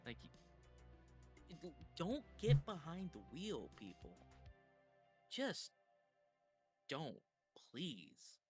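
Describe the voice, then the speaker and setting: A man's voice: fairly high pitch, huge pitch swings, very slow, pauses often, faint music behind. A man hosting a reaction stream, talking casually and swearing freely while telling stories.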